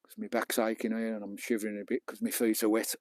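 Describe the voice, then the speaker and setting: A man's voice: on the low side, level tone, quick pace, darkish tone, no room sound. A British man live-streaming from a beach while fishing, chatting casually and bantering with viewers, with some mild swearing. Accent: British English. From England. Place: outdoors on a beach at night.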